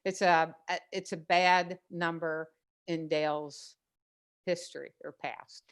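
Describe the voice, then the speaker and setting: A woman co-host on a live stream, talking casually and joking in a quick, animated way. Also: low voice, clear, resonant tone.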